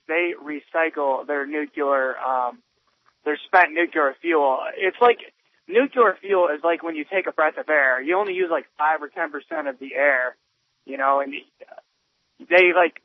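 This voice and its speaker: A man's voice: a little high, dry recording. A man calling in to a radio talk show, explaining his view earnestly with some hesitation. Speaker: caller. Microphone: telephone. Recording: tinny phone line on radio.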